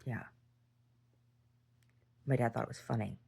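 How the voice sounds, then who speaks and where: A woman recording a personal video diary, telling a story in a rambling way and rising in pitch as she relives a fight. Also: unhurried, vocal fry, mellow, husky. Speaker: video diarist.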